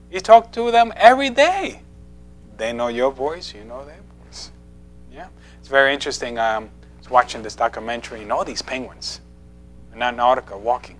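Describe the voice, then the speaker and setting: A preacher gives a playful, conversational sermon in a church sanctuary, asking the congregation questions and laughing often. His voice is medium in pitch with a fairly bright tone.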